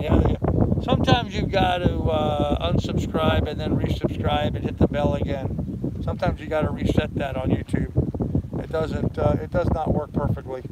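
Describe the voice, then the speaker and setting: An older man from New York, hosting a sailing channel and chatting easygoingly on a live stream from a boat. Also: fairly high pitch. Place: outdoors on a boat in a harbor. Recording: loud wind noise on the mic.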